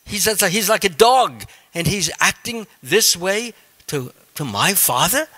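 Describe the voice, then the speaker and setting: A man's voice: high voice, animated, unhurried, sharp tone, voice pushed up, exaggerated voice. A man speaking as a sage's teenage son in a retold scripture story, with shocked, vengeful outbursts. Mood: outraged. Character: outraged teenage son of a sage.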